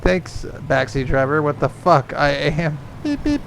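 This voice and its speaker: A man hosting a movie reaction video, swearing and talking back at the screen in casual, excitable commentary. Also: on the high side, unhurried, vocal fry, slight background noise. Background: film soundtrack music.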